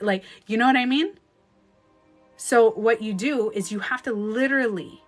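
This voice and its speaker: A woman's voice: mid-range voice, fairly bright tone. A woman relationship coach on a live stream, giving advice emphatically and acting out hurt voices with some swearing.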